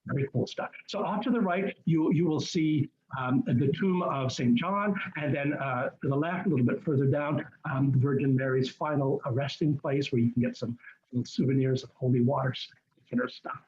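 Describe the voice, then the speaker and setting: A man's voice: mid-range voice, fairly quick, darkish tone, dull audio. A man hosting a group cruise webinar, chatty and enthusiastic, rambling with many restarts. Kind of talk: casual webinar presentation. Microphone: computer mic on a video call.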